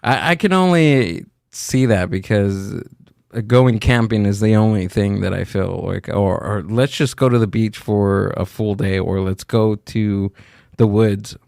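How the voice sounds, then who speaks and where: A man's voice: fairly low pitch, a little slow, vocal fry, darkish tone, clear, resonant tone, dry recording, studio quality. A man hosting a podcast in a laid-back way, asking short questions with hesitant fillers. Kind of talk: casual podcast chat.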